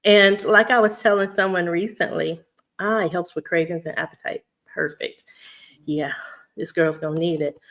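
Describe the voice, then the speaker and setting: A woman's voice: fairly low pitch, steady tone, normal speed, fairly bright tone. Chatty woman vlogger. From Houston, Texas. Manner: chatty, laughs often, talks straight to her audience. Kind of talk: casual chat to viewers.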